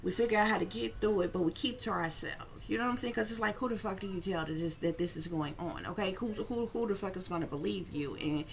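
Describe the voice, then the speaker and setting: A woman's voice: medium pitch, quick pace, few pauses, slight background noise. Blunt, profane woman talking to viewers. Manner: blunt, profane, animated storytelling with frequent asides to viewers. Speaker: psychic tarot reader. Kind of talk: casual monologue to viewers.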